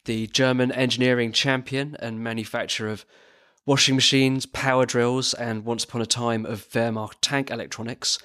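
A British man co-hosts a history podcast. His scripted narration has a dry, wry edge and sits at a middle pitch. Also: fairly bright tone. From Britain. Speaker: podcast co-host.

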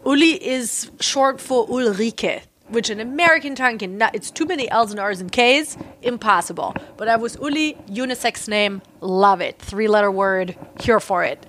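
A woman in her forties from Germany, speaking candidly and emphatically in a relaxed interview, with frequent fillers. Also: on the high side, normal speed, hardly any pauses. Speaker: interviewee, artist. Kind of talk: casual conversational interview.

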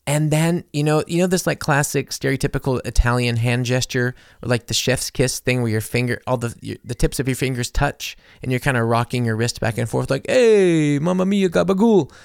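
Young guy rambling thru a story on his podcast, kinda gravelly, dry sound. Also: medium pitch, a little fast, few pauses, no echo. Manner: chatty, animated, lots of fillers and acted-out quotes. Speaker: podcast host. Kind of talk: casual storytelling monologue.

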